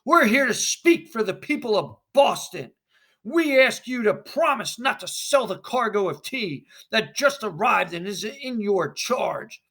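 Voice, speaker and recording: A defiant, demanding colonist protester, as a man puts him on in a classroom role-play reading. His slow, bright voice carries a gravelly bite. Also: sits high, lively intonation, heavily acted.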